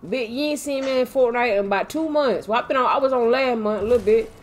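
A fairly high-voiced woman talks over a gaming headset, loud and profane, teasing her teammate mid-match. Her throat sounds strained, as if her voice is about to give out, and music plays clearly behind her. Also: quick pace. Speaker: streamer playing a shooter game with a friend. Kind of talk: casual gaming chat.

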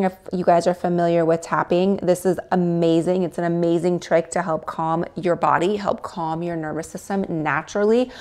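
A woman with a fairly low, darkish voice hosts a casual livestream, coaching viewers step by step. She demonstrates tapping and acts out their inner voices.

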